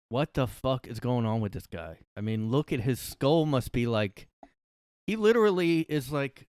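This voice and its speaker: A man's voice: mid-range voice, darkish tone, clean tone, dry recording, clean studio sound. A man hosting a solo comedy podcast from his room, ranting in a rambling, profane, sarcastic way. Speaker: podcast host.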